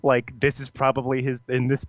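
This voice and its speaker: A young man with a mid-pitched voice rambles happily through pop-culture trivia, stopping and restarting as he talks. The sound is a little dull and lo-fi, dry with no room around it. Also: monotone, moderate pace, no echo. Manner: rambling, hesitant, jokey. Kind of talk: casual chat about TV shows.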